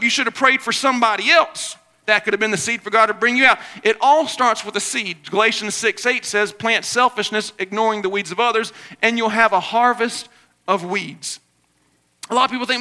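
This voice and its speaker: A man preaching a sermon, with bursts of shouting and soft asides. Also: extremely high pitch. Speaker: pastor.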